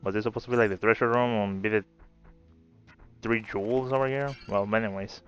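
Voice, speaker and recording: A man with a smooth, clean-toned voice chats loosely while he plays, drifting between a personal story and the game in front of him. He rambles and swears freely. The audio is slightly dull, with faint game music underneath. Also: lowish voice, steady tone, a little fast. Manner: rambling, swearing, laid-back. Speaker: gameplay video creator. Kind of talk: casual gameplay commentary with storytelling.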